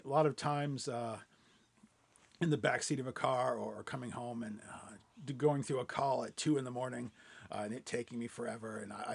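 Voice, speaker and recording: A man walking viewers through a software demo in a webinar, relaxed and thinking aloud with lots of fillers. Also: medium pitch, vocal fry, breathy edge. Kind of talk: screen-share webinar demo.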